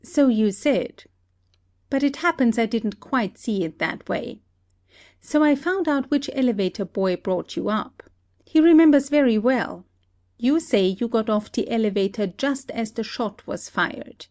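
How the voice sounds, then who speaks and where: A woman voicing a shrewd country detective who calmly lays out an accusation in a play reading. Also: on the high side. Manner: steady, deliberate accusing. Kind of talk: amateur audiobook play reading.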